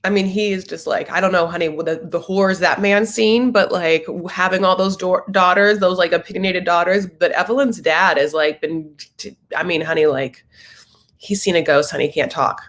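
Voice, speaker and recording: A man's voice: high voice, fairly even intonation, moderate pace, a bit bright. A man recapping a reality show in a campy, chatty way, calling the viewer honey. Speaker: TV recap host. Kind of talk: casual recap commentary. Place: at home, sitting cross-legged.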